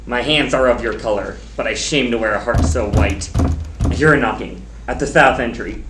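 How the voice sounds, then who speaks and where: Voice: medium pitch, normal speed, lightly acted. An actor playing a commanding, scheming noblewoman. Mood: scornful. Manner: forceful, commanding declamation. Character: scheming ruthless noblewoman, scornful. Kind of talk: school stage play. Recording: echoey, noisy stage recording.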